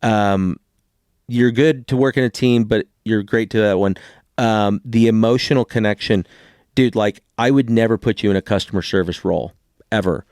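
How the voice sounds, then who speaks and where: A man's voice: fairly low pitch, normal speed, a little mellow, clear, resonant tone, dry recording, studio quality. A man in his forties, a co-host in casual chat, talking bluntly and swearing freely.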